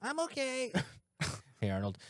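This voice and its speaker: A man's voice: very high voice, huge pitch swings, unhurried, a bit bright, dry recording, clean studio sound. A man co-hosting a podcast, chatting casually with playful, jokey reactions. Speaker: podcast co-host. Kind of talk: casual chat.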